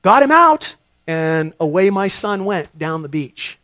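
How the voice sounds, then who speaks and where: A middle-aged man preaching a sermon, telling a story and repeating words as he builds to loud emphasis. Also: high-pitched, very animated, unhurried, no echo. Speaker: pastor.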